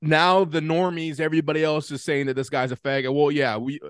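A man's voice: on the high side, flat delivery, fairly quick, smooth, no echo, studio quality. A man co-hosting a podcast, tossing in conspiratorial jokes and stammering asides in casual chat. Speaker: podcast co-host.

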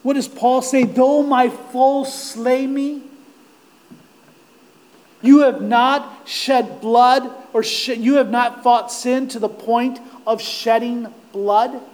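Man preaching, real high voice, slow and drawn out, gets fired up. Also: steady tone, rough recording. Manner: impassioned, swells to near-shouts on quoted cries. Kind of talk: sermon.

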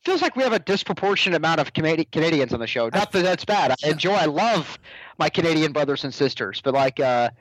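A man's voice: fairly high pitch, animated, fast talker, no room sound, low-quality recording. A man co-hosting a podcast in casual chat, teasing his partner and laughing often. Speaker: podcast co-host.

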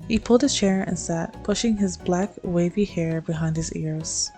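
A woman reading her own second-person fanfic aloud in a soft, unhurried storytelling manner. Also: lowish voice, soft background music, low-quality recording. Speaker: fanfic reader.

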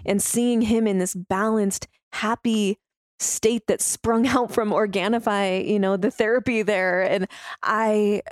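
A woman's voice: medium pitch, steady tone, unhurried, no echo, studio quality. A woman telling a heartfelt personal story openly, using many fillers like "like". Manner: heartfelt, open, with fillers like "like" and "you know".

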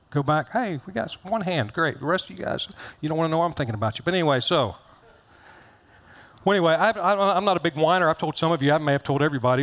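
A man's voice: mid-range voice, fairly bright tone. A middle-aged man pastor giving a conversational sermon, folksy and joking, repeating phrases for emphasis.

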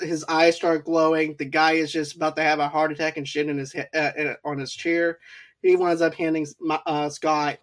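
Higher-voiced man chatting about a movie. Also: flat delivery, a little fast. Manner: rambling, acts out quotes from scenes. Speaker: podcast co-host. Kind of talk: casual movie discussion.

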